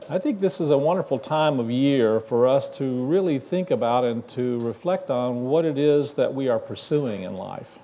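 A man's voice: medium pitch, warm tone, a little hiss or hum. A man preaching a sermon in a church, talking conversationally and asking the congregation questions. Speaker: minister. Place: church sanctuary.

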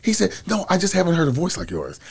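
A man's voice: high-pitched, wildly swooping pitch, fast talker, creaky, slightly rough. A middle-aged man telling stories from his past in a casual interview, laughing often and breaking into snatches of song. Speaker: guest telling his story.

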